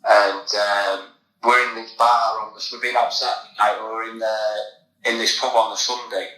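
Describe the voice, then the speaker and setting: A man's voice: lowish voice, little pitch movement, moderate pace, bright, forceful tone, roomy sound, rough recording. An English man, a former footballer, telling a long anecdote in a casual podcast chat, with many fillers and restarts. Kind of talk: casual storytelling.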